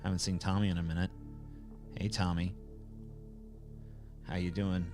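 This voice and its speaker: Reading through viewer questions one by one, a man hosts a casual livestream in a lowish voice at a normal pace with a level tone. He's blunt, sarcastic, and swears a lot, while faint music plays in the background.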